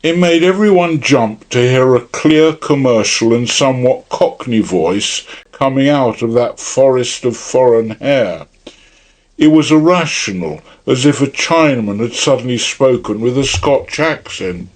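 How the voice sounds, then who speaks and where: Guy reading an audiobook, real slow and even, mid voice. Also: medium pitch. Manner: measured, unhurried reading. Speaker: audiobook narrator. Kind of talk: scripted narration.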